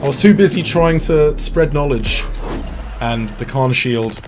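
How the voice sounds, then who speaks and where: Chatty and self-deprecating, a British man hosts a game livestream, offering casual commentary and reading out viewer messages. His mid-range voice moves a little slowly, with soft music playing in the background.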